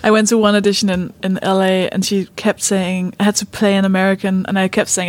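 A woman's voice: medium pitch, level tone. A woman hosting a casual podcast chat, agreeing sympathetically with her guest. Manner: sympathetic, quick to laugh along. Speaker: podcast host.

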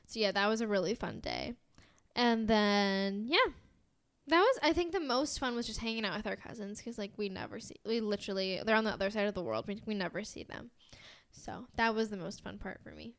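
A woman's voice: medium pitch, smooth. A young woman with an American accent, chatting casually as a podcast co-host, rambling with lots of fillers and giggles. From United States. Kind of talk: casual chat.

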